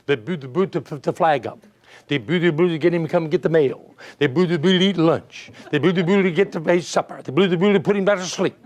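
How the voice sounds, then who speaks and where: A man's voice: on the high side, fast, darkish tone. A man giving a folksy motivational speech, full of rhetorical questions and stories. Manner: emphatic, rhetorical questions, storytelling. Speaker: motivational speaker.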